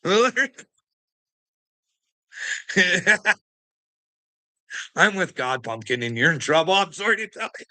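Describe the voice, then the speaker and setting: A man's voice: fairly high pitch, big pitch swings, quick pace, pushed and bright. A man delivering a profane, confrontational rant at someone, laughing between jabs. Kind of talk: ranting monologue to camera.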